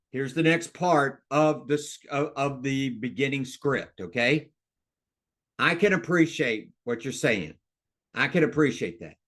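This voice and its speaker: A man coaching real estate agents in a webinar, talking in an excited, fired-up way with big rises and drops in his voice. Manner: excited, fired-up delivery with big swings in pitch and loudness.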